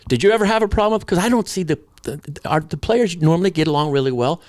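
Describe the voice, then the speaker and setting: A man guesting on a podcast, chatting casually and telling relaxed stories, with a chuckle in them. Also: on the high side, fast, no room sound. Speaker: podcast guest, hockey team PR director. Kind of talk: casual chat.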